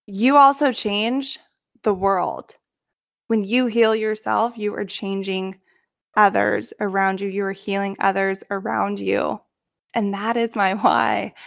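Slow, earnest young woman vlogging. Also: mid-range voice, no room sound, studio quality. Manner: gentle, earnest and reflective, emotional at times. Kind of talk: heartfelt vlog monologue.

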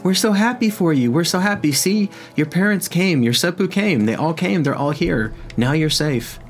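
A man voicing a group of small nonhuman healers who speak in a gushing, warm-hearted way. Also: fairly high pitch, animated, normal speed, faint music behind, voice pushed up.

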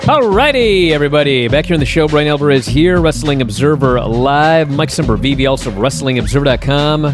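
A man hosting a wrestling talk show, telling stories at length in a casual, animated way. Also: fairly high pitch, a little fast, loud music behind the voice. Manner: animated storyteller, recaps at length. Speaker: wrestling radio show host.

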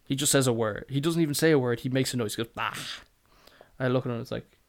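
A man's voice: medium pitch, fast. A man hosting a podcast, telling a sweary, exasperated story and acting out both sides of the exchange. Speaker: podcast host. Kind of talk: casual storytelling rant.

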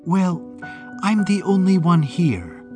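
A man voicing a soft, cooing young woman. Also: high-pitched, sing-song, slow, music in the background, pitched above the performer's own voice, full character voice. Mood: defensive. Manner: cooing, gentle. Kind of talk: audiobook character voice.

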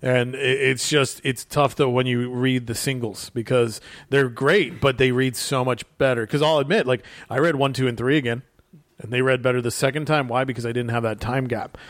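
A man's voice: mid-range voice, fairly even intonation, moderate pace, no room sound, studio quality. A man chatting casually about comics, enthusiastic and rambling, quoting characters as he goes.

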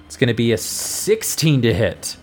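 A man hosting a podcast as game master, narrating a tabletop fantasy game in a measured, descriptive way. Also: medium pitch, big pitch swings, over music.

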